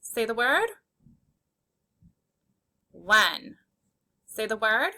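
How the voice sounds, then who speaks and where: A woman's voice: fairly high pitch, big pitch swings, sharp tone. A woman teaching a phonics reading lesson to young children, sounding out letters one by one and cheering them on. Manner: slow, clear, encouraging; sounds out letters one by one.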